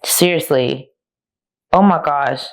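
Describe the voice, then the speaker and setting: A woman with a low, dusky voice hosts a solo podcast, chatting openly with her listeners. She reads from old journal entries and reflects on them, emotional and near tears at times, yet still laughing. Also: slow. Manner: candid and conversational, addressing listeners as y'all. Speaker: podcast host.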